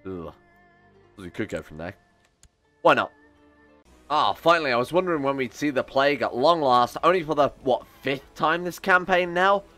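A man's voice: mid-range voice, animated, normal speed, pauses often, sharp tone, soft background music. A young man giving casual, chatty gameplay commentary, sarcastic and swearing as he talks back to the game's characters. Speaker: gaming YouTuber.

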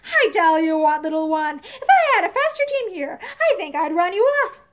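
A woman reading aloud as a friendly young countryman who talks loudly and laughs often. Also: extremely high pitch, sing-song, normal speed. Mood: laughing. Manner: boisterous, laughing, loud.

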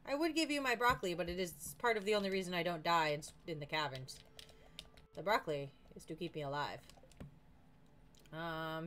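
Woman, streamer, casual game commentary, chatty, lively swooping pitch, faint background hiss. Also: a little fast. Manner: chatty, playful, talks to game characters.

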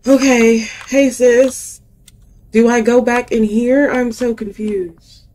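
A young woman playing through a horror game, chatting to herself and her viewers in an unhurried, drawn-out way. She pokes fun at her own mistakes and talks straight back to the characters on screen. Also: on the high side, little pitch movement, darkish tone, a little hiss or hum. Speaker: gaming youtuber. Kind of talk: casual let's-play commentary.

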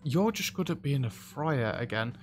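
A man giving casual, chatty commentary as he plays a restaurant sim, reacting loudly to what happens in the game. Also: mid-range voice, lively intonation, normal speed. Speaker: let's play host. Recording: faint background music.

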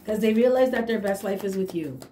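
A woman's voice: medium pitch, a little fast, dark tone. A woman giving a casual tarot reading straight to her viewers, talking emphatically and dropping affirming hums and small laughs between her points. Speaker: tarot reader. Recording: echoey room with faint hiss.

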